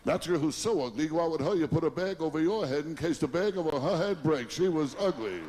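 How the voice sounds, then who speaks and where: A man's voice: fairly high pitch, lively intonation, quick pace, a little mellow. A man doing a stand-up comedy routine, firing off brash one-liners and chuckling at his own jokes.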